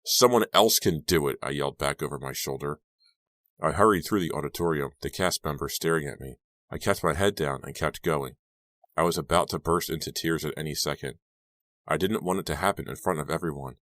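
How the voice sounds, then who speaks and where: A man's voice: a bass voice, fairly quick, fairly bright tone, no echo. A man reading an audiobook aloud as tense first-person storytelling. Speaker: audiobook narrator. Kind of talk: scripted audiobook narration.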